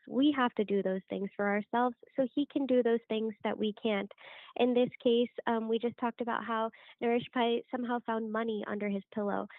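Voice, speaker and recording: A woman's voice: fairly high pitch, no echo. A woman leading a group discussion, encouraging, asking people questions by name. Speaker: leader of a weekly group study. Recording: dry phone-like call audio.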